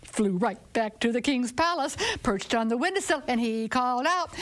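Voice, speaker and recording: Expressive woman telling a folktale. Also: a little high. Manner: expressive, drawn-out phrasing with sudden whispered asides. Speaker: storyteller. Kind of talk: folktale storytelling for children.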